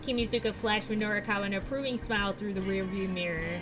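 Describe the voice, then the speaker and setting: A young woman hosting a let's play, reading a visual novel aloud with animated, excitable asides, over clear game music. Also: medium pitch, fast talker, few pauses. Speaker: let's play host and narrator.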